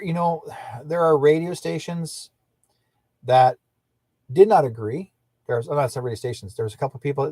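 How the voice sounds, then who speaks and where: An older man with a husky voice rambles indignantly through his livestream, repeating himself and restarting sentences. His voice is recorded close and dry. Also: mid-range voice, dark tone, no echo. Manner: indignant, repetitive, restarts often. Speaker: livestream host.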